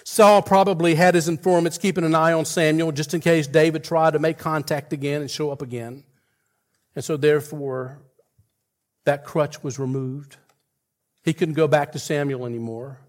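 A man's voice: a little high, steady tone, moderate pace. Earnest man preaching a sermon. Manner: earnest, retells scripture dialogue with rising intensity; frequent fillers and restarts.

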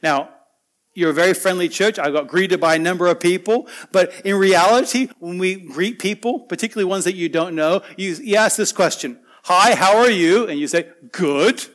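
A man with a high voice preaching a sermon. He talks earnestly and conversationally, moving from loud, emphatic lines down to soft, quiet asides. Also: a little fast.

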